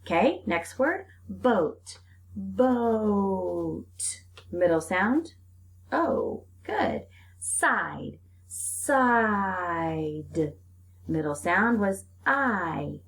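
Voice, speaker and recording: A woman's voice: mid-range voice, vocal fry, slight background noise. A young woman teacher leading a phonics lesson for young children, stretching out sounds and giving encouraging praise. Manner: slow, drawn-out sounds with lively, encouraging praise.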